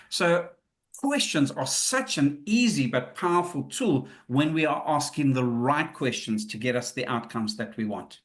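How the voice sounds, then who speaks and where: A man's voice: medium pitch, animated, unhurried, a bit bright. A man presenting a live webinar in a conversational way, acting out the questions and replies he quotes.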